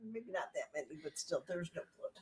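A woman's voice: low-pitched, animated, brisk, breathy edge. A woman co-hosting a podcast, chiming in with dry interjecting remarks. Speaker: podcast co-host. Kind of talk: casual chat.

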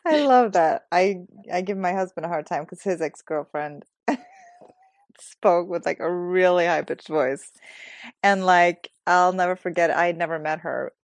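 A woman's voice: lowish voice, measured pace, no echo. A middle-aged woman hosting a casual chat, laughing often and asking her guest friendly questions. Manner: giggly, friendly, asks questions. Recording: dry close recording.

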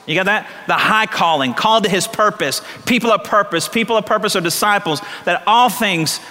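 A pastor preaching a sermon, telling stories and repeating lines for emphasis. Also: male voice, sits high, brisk, bright, forceful tone. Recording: long hall reverb.

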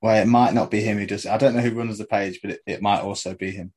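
A man's voice: fairly low pitch, fairly even intonation, fast talker, a little mellow, slightly rough, low-quality recording. A man co-hosting a casual football podcast, setting trivia questions with frequent laughs. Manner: quizzing with trivia, laughing often. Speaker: podcast co-host.

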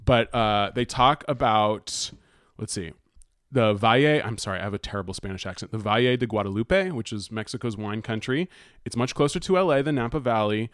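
A man's voice: lowish voice, a little fast, dry recording, clean studio sound. A man co-hosting a podcast, chatting casually and hesitantly, reading bits of an article with many fillers. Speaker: podcast co-host. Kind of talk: casual chat.

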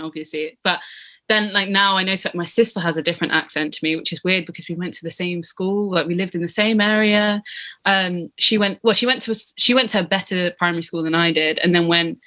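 A young woman with a British English accent, talking in a relaxed, reflective way as the interviewee, often pausing and restarting her sentences. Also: on the low side. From England. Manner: hesitant, many restarts and fillers. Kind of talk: casual reflective chat.

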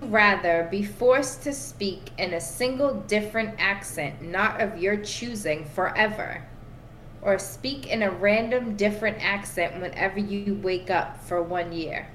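A woman's voice: medium pitch, a little slow, fairly bright tone, roomy sound, a little hiss or hum. A woman hosting a casual podcast game, teasing her friends, swearing freely and laughing often. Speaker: podcast host. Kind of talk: casual chat, party game.

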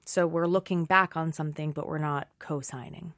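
A woman's voice: low voice, steady tone, normal speed, fairly bright tone, dry recording, studio quality. A woman in her thirties, a stage actress, chatting casually and self-deprecatingly in an interview. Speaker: Broadway actress guest.

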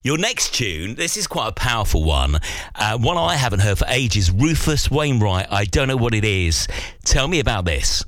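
A man's voice: medium pitch, very animated, moderate pace, a bit bright, dry recording. A man hosting a radio interview, asking encouraging questions and introducing songs. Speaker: radio host.

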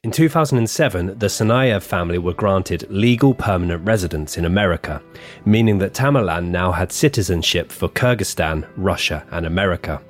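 A man's voice: low voice, lively intonation, fairly quick, faint music behind. A man co-hosting a true-crime podcast, reading his script with offhand asides and banter. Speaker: podcast co-host.

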